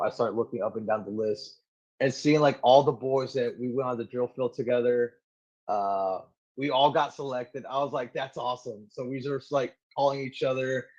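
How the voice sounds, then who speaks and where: A man in his thirties, a Marine guest on an interview show, telling a story casually and animatedly with lots of "like"s. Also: medium pitch. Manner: animated, filler-heavy storytelling with many "like"s. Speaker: Marine gunnery sergeant guest. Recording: slightly dull lo-fi audio.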